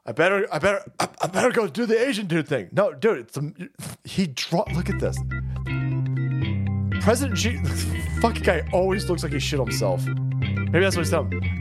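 Profane guy ranting on a stream, mocking, bit high voice, swings a lot. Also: normal speed, loud music behind the voice. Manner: foul-mouthed, mocking, animated. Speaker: livestream host. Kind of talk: profane political rant.

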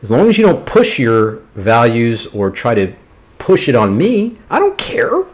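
A man hosting a casual podcast chat, animated and opinionated, swearing freely. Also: mid-range voice, unhurried, slight background noise. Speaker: podcast host.

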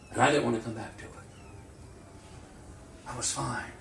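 Male pastor, sermon delivery, animated swings from loud to hushed, distant mic in an echoey church, faint room ambience. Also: mid-range voice, slow pace, gravelly, pauses often. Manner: animated, swings from loud outbursts to near-whispers.

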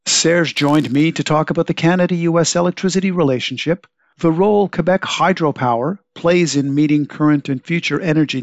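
A man's voice: a little high, no echo, muffled recording. Congested man hosting a podcast. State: congested from a cold. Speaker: podcast host. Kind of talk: scripted podcast intro and interview. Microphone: home setup over video call.

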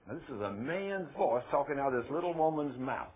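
Folksy preacher, phone-thin sound. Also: male voice, medium pitch, lively intonation, fairly quick, few pauses, narrow, tinny audio, crowd noise. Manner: folksy and emphatic, often rising to loud exclamations. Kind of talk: storytelling sermon.

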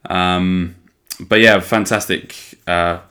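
A young man with a notably low voice hosts his podcast alone in easygoing chat, putting on a playful West Country twang. He is enthusiastic and loose, swears freely, repeats phrases and keeps calling his listeners his lovelies. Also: steady tone, slow pace, sharp tone. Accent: playful put-on West Country twang. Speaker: podcast host. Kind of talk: casual solo chat.

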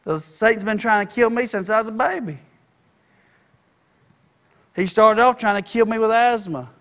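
A male pastor delivers a passionate sermon in a high-pitched voice. He swings between conversational asides and rising, shouted exhortation. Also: moderate pace. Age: adult. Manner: fervent preaching, rising to shouts.

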